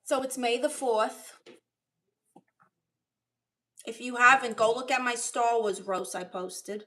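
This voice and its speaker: A woman hosts a casual livestream from home, joking with her viewers and answering their comments. Her voice sits somewhat high and has a sharp, bright edge. She talks in a lively and expressive way. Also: normal speed. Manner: chatty, jokey and expressive. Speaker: comedian streamer.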